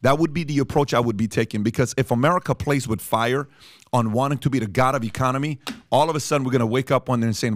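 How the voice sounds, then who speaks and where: Animated man with fillers and repeats. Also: medium pitch, fast talker, dry recording. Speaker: podcast host. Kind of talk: casual studio talk.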